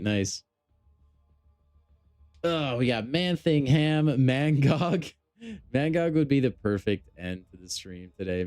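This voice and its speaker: A man's voice: medium pitch, darkish tone, clear, resonant tone, dry recording, studio quality. A man chatting casually on a gaming live stream, joking and talking straight to his chat. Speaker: game streamer.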